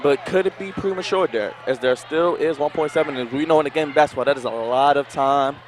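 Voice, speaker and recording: A man calling a live basketball game as play-by-play announcer, emphatic and excitable. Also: fairly high pitch, quick pace. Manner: emphatic, calls action with rising excitement. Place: arena broadcast position. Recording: roaring crowd and arena noise.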